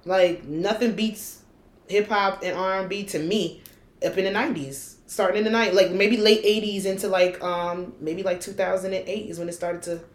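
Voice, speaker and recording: A woman co-hosting a casual chat, blunt and profane, her stories told with animated energy. Her voice sits at a middle pitch and rings in a roomy space. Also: moderate pace. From United States. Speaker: podcast co-host.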